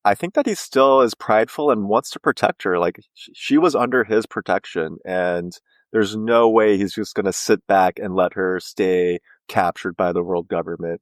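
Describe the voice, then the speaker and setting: Low-voiced man chatting loosely. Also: normal speed, no room sound. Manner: loose, filler-heavy, "like" and "you know". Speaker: podcast co-host. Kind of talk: casual recap chat.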